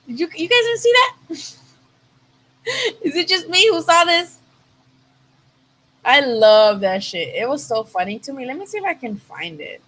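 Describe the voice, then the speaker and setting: A woman in her twenties hosting a casual boxing livestream, animated and swearing freely as she thinks aloud. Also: high-pitched, normal speed, long pauses, low-quality recording. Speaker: boxing show host.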